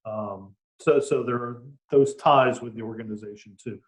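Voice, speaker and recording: A man's voice: medium pitch, moderate pace, low-quality recording. A man hosting a casual interview over a video call, rambling and repeating words as he thinks. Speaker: interview host.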